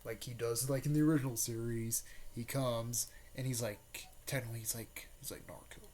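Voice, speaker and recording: A man's voice: medium pitch, steady tone, moderate pace, a little mellow, a little hiss or hum. A man casually retelling an anime fan story, rambling with many fillers, restarts and repeated pet words.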